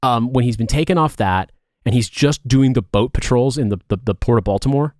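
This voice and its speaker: A man's voice: medium pitch, fairly quick, a little mellow, dry recording, studio quality. A man in his thirties, a podcast co-host from Indiana, chatting casually in a rambling, profane way with many restarts. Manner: rambling, profane, self-correcting. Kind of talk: casual chat.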